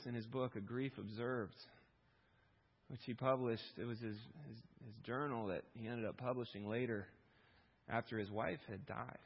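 A man preaching a sermon, moving between loud pleading questions and quiet reflective reading, with a husky voice. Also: mid-range voice, dull audio. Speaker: pastor.

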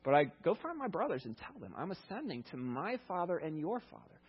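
A preacher putting on Jesus, a calm, reassuring risen teacher, spoken in a husky, breathy tone. The words come plainly and conversationally, as in a retold story, on a dull, lo-fi recording. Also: male voice, a little high, fairly quick, heavily acted.

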